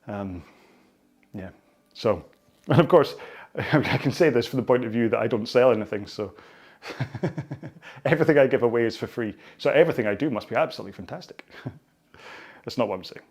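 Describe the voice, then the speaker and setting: A man's voice: medium pitch, moderate pace, pauses often, a little mellow, breathy edge. A man with a Scottish accent leading a follow-along stretching cooldown, chatting in a rambling, jokey way. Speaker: fitness instructor.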